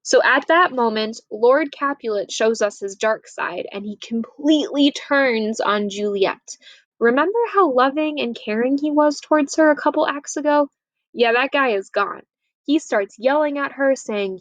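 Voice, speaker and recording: Woman, young adult, teacher, casual lesson recap, chatty, fairly high voice, dry close sound. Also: unhurried, dry recording, rough recording. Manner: chatty, lively, acts out quotes. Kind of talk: casual summary of a play.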